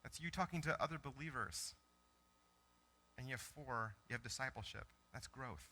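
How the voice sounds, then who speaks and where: Man, pastor, very bright voice, chatty animated sermon, church. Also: mid-range voice, moderate pace. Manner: conversational, animated storytelling with self-corrections. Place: church sanctuary.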